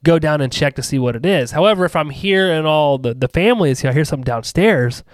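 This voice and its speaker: Man, casual podcast chat, rambling storyteller, fairly high voice, dry close sound. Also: animated, fast talker, dry recording. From rural US. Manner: rambling anecdotal storyteller with restarts and asides.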